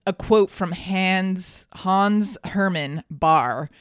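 A woman's voice: lowish voice, very slow, clean tone, dry recording, studio quality. A woman hosting a podcast, telling a local history story in a chatty, casual way and laughing often. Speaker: podcast host.

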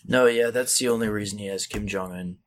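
A man's voice: fairly low pitch, brisk, raised voice, slight background noise. A young man co-hosting a podcast in casual chat, tossing off dry, offhand quips. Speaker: podcast co-host.

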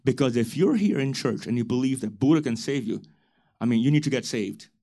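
A man preaching a church sermon, building to loud, emphatic calls to the congregation. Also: mid-range voice, animated, a little fast. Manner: preaching with rising shouted emphasis and call-and-response. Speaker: pastor.

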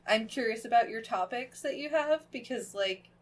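Over a noisy crowd, a young woman co-hosting a podcast chats casually in a fairly high, expressive voice at a moderate pace. She swears freely, laughs, and peppers her talk with "like."

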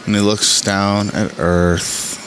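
A man hosting his podcast, talking casually and excitedly about an episode, rambling with frequent laughs while saying he is tired. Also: on the low side, slow, a little hiss or hum, poor audio. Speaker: podcast host. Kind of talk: casual episode reaction commentary.

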